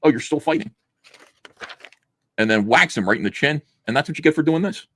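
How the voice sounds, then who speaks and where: A man's voice: mid-range voice, lively intonation, fast, sharp tone. A man hosting a comic book review, chatting casually with sarcastic jokes and laughter, acting out the panels as he reads. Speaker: host reviewing comic books. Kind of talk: casual review chat, reading aloud.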